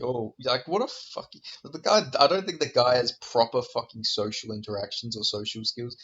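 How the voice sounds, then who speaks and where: A man's voice: medium pitch, normal speed, hardly any pauses, fairly bright tone, highs cut off, slight background noise. A man ranting in a vlog about fighters, heated, profane and exasperated, firing off rhetorical questions. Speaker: MMA commentator.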